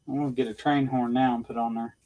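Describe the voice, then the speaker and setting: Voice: medium pitch, fairly even intonation, fast, warm tone, lo-fi sound, slight background noise. A speaker joining a crafting livestream casually, reading viewer comments aloud and cracking dry jokes. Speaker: co-host reading chat comments. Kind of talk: casual chat.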